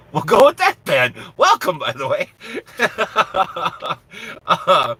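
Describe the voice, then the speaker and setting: A man's voice: on the high side, huge pitch swings, drawn-out words, pushed and bright, low-quality recording. A man who drives a truck, chatting on his live stream from the cab in a blunt, profane, self-mocking way and laughing easily. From Minnesota, USA. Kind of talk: casual live-stream chat.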